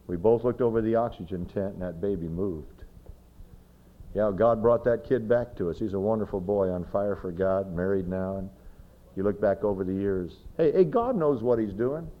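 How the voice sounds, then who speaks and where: A man's voice: fairly low pitch, normal speed, phone-quality sound. A male pastor preaching a sermon, telling personal stories emphatically and speaking straight to his listeners. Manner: emphatic storytelling, direct address to listeners.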